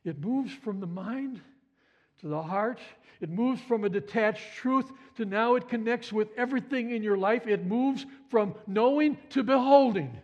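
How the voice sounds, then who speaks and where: A man preaching a sermon with passion, swinging from hushed repetition to excited exclamation. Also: sits high, unhurried, highs cut off. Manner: impassioned, swings from hushed to exclaiming, repeats phrases.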